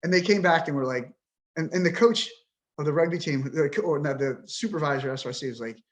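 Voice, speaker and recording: A man's voice: on the high side, fast talker. A man in his fifties, a podcast guest, talking with frustration and swearing bluntly as he vents. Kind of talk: emotional interview talk.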